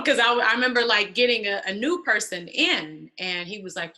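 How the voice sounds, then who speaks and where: Bright-voiced woman sharing a lively testimony. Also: mid-range voice, a little fast, hardly any pauses, slight background noise. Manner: animated storytelling, acts out quoted voices. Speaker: interview guest. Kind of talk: candid personal testimony.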